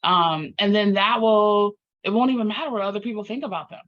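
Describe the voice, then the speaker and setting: Woman, podcast guest, earnest storyteller, animated, mid-pitched, slightly muffled lo-fi audio. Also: fairly quick. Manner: earnest, animated, acts out inner dialogue. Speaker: podcast guest, life coach. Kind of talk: conversational interview storytelling.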